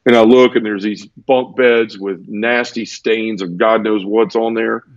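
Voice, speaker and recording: Slightly slow and steady in tone, a man with a fairly low pitch tells a personal story as an interview guest. He is earnest and teary, frequently repeating words and beginning sentences again, captured in a dull, lo-fi, dry recording.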